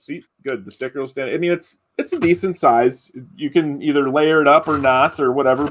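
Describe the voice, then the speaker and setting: A man hosting a live stream giveaway, chatting loosely with many fillers and restarts. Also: mid-range voice. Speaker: podcast host running a giveaway. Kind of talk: casual live-stream chat.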